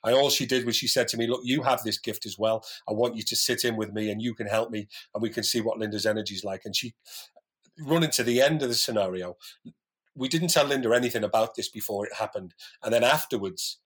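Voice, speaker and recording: A man's voice: mid-range voice, fast talker, fairly bright tone, breathy edge. A man guest on a podcast, earnestly telling a personal story in casual chat with many restarts. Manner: earnest, talks in restarts and asides.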